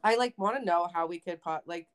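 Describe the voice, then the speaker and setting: A woman's voice: lowish voice, brisk, clear, resonant tone. A young woman co-hosting a podcast while fighting a cold, chatting bluntly with lots of swearing and playful mock rants. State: has a cold, coughing. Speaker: podcast co-host. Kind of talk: casual chat.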